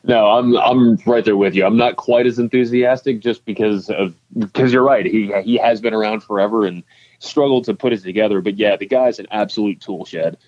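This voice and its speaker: A man's voice: lowish voice, a little fast, a little mellow, muffled recording. A man co-hosting a podcast, chatting casually about baseball prospects with plenty of restarts and fillers. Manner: rambling, many restarts and fillers. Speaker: podcast co-host. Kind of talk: casual sports chat.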